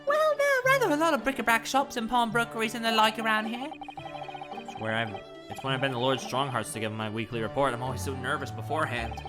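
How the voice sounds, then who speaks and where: A woman's voice: low voice, very animated, quick pace. A woman voicing a flustered, stammering young male lawyer while reading a game aloud. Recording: game music playing behind.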